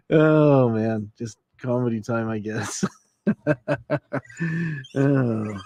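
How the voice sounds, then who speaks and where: A man's voice: medium pitch, extremely slow, pauses often, a little mellow. A man hosting a late-night livestream, joking and laughing as he reads chat requests aloud. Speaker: livestream host.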